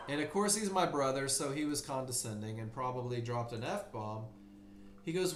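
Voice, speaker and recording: A man's voice: mid-range voice, moderate pace, reverberant, a little hiss or hum. A man teaching a live trading webinar, telling his own story candidly and acting out voices in his head. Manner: candid, animated storytelling with mock inner voices. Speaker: trading class instructor. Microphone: computer mic in a live stream.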